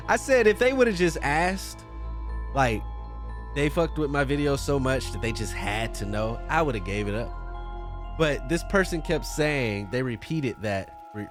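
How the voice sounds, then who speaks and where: A man hosting a solo podcast in a room with a fan running, talking casually and profanely, joking as he plugs his channels. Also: medium pitch. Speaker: podcast host.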